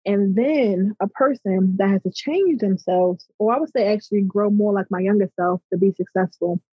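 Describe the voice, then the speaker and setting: An emphatic middle-aged woman with a Baltimore accent answers interview questions in a slightly husky voice. The sound is dry and a little muffled. She often checks in with "right?". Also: medium pitch, moderate pace, no room sound. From Baltimore, USA. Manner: passionate, emphatic, repeats "right?". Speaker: interview guest. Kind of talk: conversational interview.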